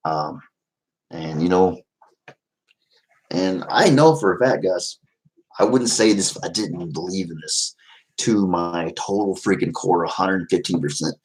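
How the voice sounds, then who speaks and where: Deep-voiced man, casual streamer, rambling and sincere. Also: unhurried, long pauses, low-quality recording. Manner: rambling and heartfelt, many fillers. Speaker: vlogger reading live chat. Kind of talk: casual livestream chat.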